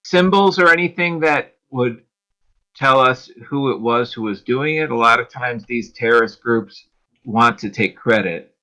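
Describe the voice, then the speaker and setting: Bright-voiced man asking questions. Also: medium pitch, unhurried. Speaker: player. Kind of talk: casual tabletop game chat.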